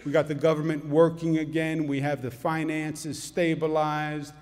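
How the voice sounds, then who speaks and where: A middle-aged man giving an animated, humorous speech to a church congregation. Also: on the high side, normal speed. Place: large church. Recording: long echo of a church hall.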